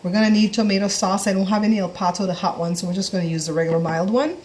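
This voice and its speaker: A woman's voice: medium pitch, very fast, darkish tone, breathy edge. A middle-aged woman hosting a home cooking show, chatting casually to her viewers as she works in the kitchen and often checking in with them. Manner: chatty, talks straight to viewers with frequent checks like "okay?".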